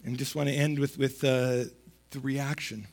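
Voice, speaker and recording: A man's voice: medium pitch, little pitch movement, moderate pace. A man giving a sermon in a conversational, emphatic way, repeating words for stress and reading scripture aloud. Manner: conversational preaching with emphatic repetition, rising to loud stresses. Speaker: pastor.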